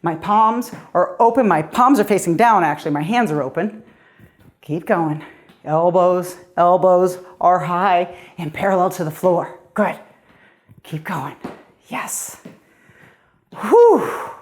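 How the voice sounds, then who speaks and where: A woman's voice: lowish voice, measured pace. A middle-aged woman fitness coach leading a guided workout, upbeat and encouraging, a little out of breath as she exercises along.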